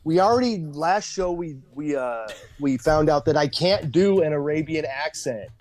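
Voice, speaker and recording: A man's voice: on the high side, expressive, normal speed, darkish tone. A man co-hosting a live stream, reading headlines aloud and giving short reactions. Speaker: livestream co-host. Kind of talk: casual livestream chat.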